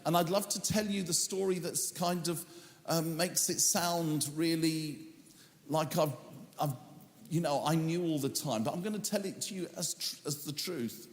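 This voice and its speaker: A man's voice: fairly high pitch, normal speed, reverberant, big-room sound. A man preaching a sermon as a pastor, telling a story earnestly and acting out the lines he once spoke. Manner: earnest storytelling, acts out his own quoted words.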